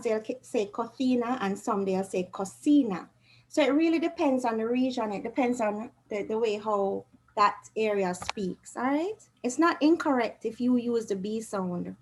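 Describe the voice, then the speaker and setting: A woman's voice: on the high side, rough recording. A woman teaching a Spanish revision class, patiently quizzing her students with questions.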